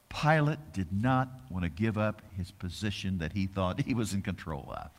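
A man preaching a sermon, reading scripture aloud with dramatic, drawn-out emphasis and rhetorical questions, in a large hall. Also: fairly low pitch, expressive. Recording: long hall reverb.

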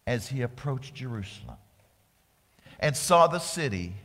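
A male pastor delivering a dramatic sermon in a church, swinging from loud exclamations down to whispers. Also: medium pitch, sing-song, a little slow, big-room sound.

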